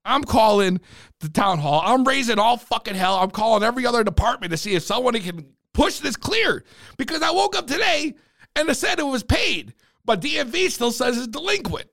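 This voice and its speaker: A man telling a profane, animated rant about buying a car, in casual storytime style. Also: very high-pitched, fairly quick, creaky, dry recording, studio quality. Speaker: vlogger.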